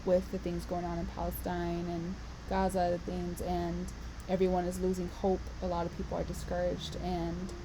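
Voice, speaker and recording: A woman's voice: on the low side, completely flat delivery, normal speed, noisy background. A woman giving a passionate, emotional motivational talk, holding back tears and swearing for emphasis. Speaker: vlogger and tour organizer.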